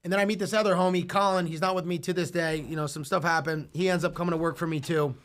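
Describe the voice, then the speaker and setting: A man's voice: fairly high pitch, fairly even intonation, fast talker, fairly bright tone. A young man telling stories in a casual podcast chat, rambling and swearing with lots of filler words. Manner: rambling, profane, heavy use of filler like. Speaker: entrepreneur guest.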